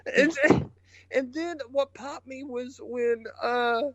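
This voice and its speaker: A man with a very high-pitched voice talks slowly as a podcast co-host in a casual, profane chat. He's excitable, swears freely and laughs while retelling funny moments. The recording is dry and muffled.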